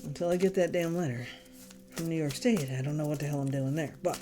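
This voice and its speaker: A woman's voice: low voice, fast talker, music in the background. A woman giving a casual tarot reading, blunt and exasperated, swearing freely as she talks straight to the listener. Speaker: tarot reader. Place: home, candles lit.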